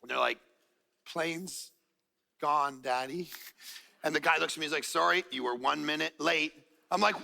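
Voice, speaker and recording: A man's voice: a little high, moderate pace, gravelly. A man preaching as a pastor, telling a story and acting out what people said, with jokes along the way. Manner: animated, acts out quotes, jokes. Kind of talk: sermon with storytelling. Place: church auditorium. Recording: hall reverb from church stage.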